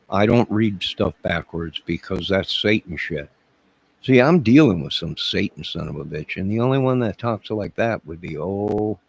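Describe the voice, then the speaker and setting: A man's voice: low-pitched, creaky, slightly rough, poor audio. A man hosting a YouTube live stream, answering viewer comments in a rambling, crude and mocking way. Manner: combative, crude, mocking and sarcastic.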